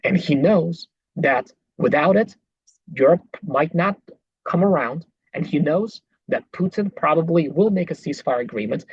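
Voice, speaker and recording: A podcast host talks back at clips with indignant, sarcastic rebuttals. The voice sounds husky and the recording is dull, lo-fi and dry, with no room around it. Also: medium pitch, darkish tone, dry recording. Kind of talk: political commentary over clips.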